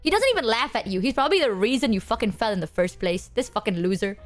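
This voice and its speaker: A woman streamer chatting casually with her chat, telling stories in an animated, foul-mouthed way full of fillers. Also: fairly high pitch, fast talker, over loud music. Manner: animated, swears freely, filler-heavy.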